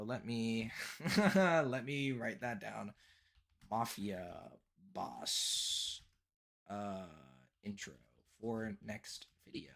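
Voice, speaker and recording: A man's voice: fairly low pitch, extremely slow, vocal fry, long pauses, fairly bright tone. A young man hosting a casual live stream from his bedroom, rambling and swearing, with frequent laughs and restarts. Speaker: streamer reviewing viewer decks.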